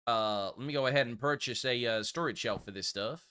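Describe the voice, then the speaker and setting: A man's voice: medium pitch, fairly quick, bright, forceful tone, a little hiss or hum. A man giving casual gameplay commentary while role-playing a polite old-west shopkeeper in a put-on regal accent. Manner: role-plays a polite old-west shopkeeper, addressing customers as sir and ma'am. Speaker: streamer playing a shop game.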